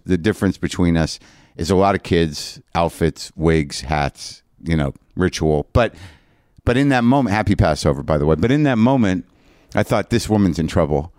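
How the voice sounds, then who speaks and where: A man hosting a podcast, telling a long comic story in an animated, profane, self-mocking way. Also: deep voice, smooth, no room sound, studio quality. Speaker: podcast host.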